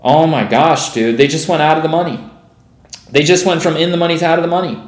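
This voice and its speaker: A young man with a fairly high voice rants through live trading commentary, swearing constantly and tacking "bro" onto every line. He sounds exasperated and profane, and his voice rings around an echoey room. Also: fast talker. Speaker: day trader streaming live.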